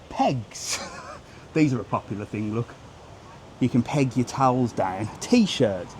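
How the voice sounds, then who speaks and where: A man's voice: mid-range voice, darkish tone, a little hiss or hum. A blunt, sweary man, chatting casually as he walks a seaside street for his travel vlog, filmed on a handheld phone. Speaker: travel vlogger. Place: outdoors on a windy seaside street.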